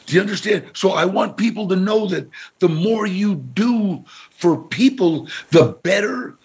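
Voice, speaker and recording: An older man and actor, telling stories in a halting way, repeating words and turning lively when quoting others. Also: high voice, breathy edge. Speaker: actor, interview guest. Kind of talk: casual storytelling.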